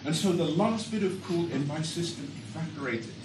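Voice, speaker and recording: A man telling a comic story on stage with animated, exaggerated delivery. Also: fairly high pitch, moderate pace. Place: storytelling stage before a live audience. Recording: echoey hall from a far mic, audience noise.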